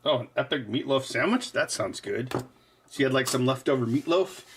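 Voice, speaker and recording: Man, livestream host, casual working chat, mid-pitched, lively intonation, rambling, dry teasing humor. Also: fairly quick, slight background noise. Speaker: host of a hardware hacking stream.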